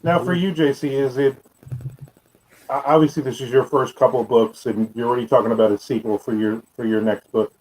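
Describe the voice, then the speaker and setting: A man's voice: mid-range voice, steady tone, brisk, a little mellow, rough recording. A man co-hosting a casual video-call interview, asking questions in an easygoing, wry way. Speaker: co-host.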